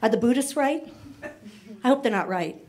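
A woman performing a stand-up comedy set on stage, chatty and quick to slip into voices for characters. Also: fairly high pitch, lively intonation, darkish tone, slight background noise. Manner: chatty, rapid shifts into voiced asides. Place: comedy club stage before a laughing audience.

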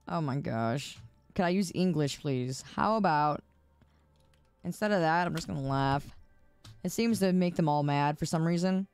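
This woman has a deep, smooth voice in a dry recording. She's a tired streamer who stayed up late, casually chatting with viewers while gaming on a close desk mic, exasperated yet laughing.

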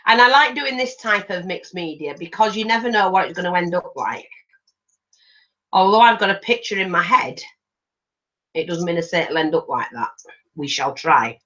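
Bright, lively older woman. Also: fairly low pitch, moderate pace, highs cut off. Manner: animated, acts out voices in anecdotes. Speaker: craft channel host. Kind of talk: chatty storytelling while crafting.

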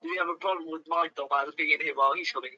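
A man's voice: on the high side, steady tone, rapid-fire, sharp tone, dull audio. A man improvising a game role-play in a brash, profane, threatening way.

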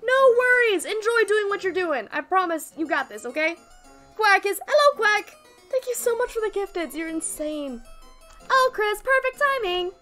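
Woman, live game streamer, bubbly, thanks chat, very high voice, bright, faint music. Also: big pitch swings, normal speed. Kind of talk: casual live gameplay streaming.

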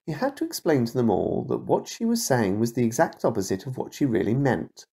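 A man reading a children's picture book aloud to his toddler, slow and emphatic, with a husky voice. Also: medium pitch. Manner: slow, emphatic read-aloud with lively ups and downs. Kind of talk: children's storybook read-aloud.

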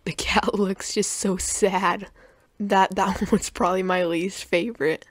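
A woman's voice: medium pitch, fairly even intonation, unhurried, dry recording, clean studio sound. A young woman giving sarcastic, mocking commentary on clips, often tripping over her words. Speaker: commentary youtuber.

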